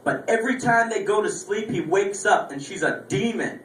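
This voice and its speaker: A young man does stand-up on a small lounge stage, rambling through profane anecdotes. His voice sits a bit high. The recording catches him from far off in an echoey room, with faint room sound behind. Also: animated, normal speed, fairly bright tone, a little hiss or hum. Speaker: stand-up comedian. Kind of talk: stand-up comedy storytelling. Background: faint room ambience, audience laughter.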